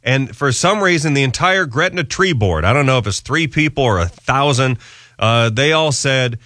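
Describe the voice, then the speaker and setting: Animated man telling a story on radio. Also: normal speed, no room sound, studio quality. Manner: animated storyteller, acts out squeaky voices. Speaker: radio host. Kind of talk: casual radio chat.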